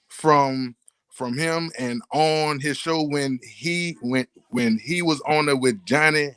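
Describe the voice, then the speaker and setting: A man making a formal, carefully measured statement on a live call. He speaks slowly, with pauses between phrases, in a smooth, clear voice. The sound is dry and close. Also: a little high, fairly bright tone, dry recording. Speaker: panel guest answering accusations.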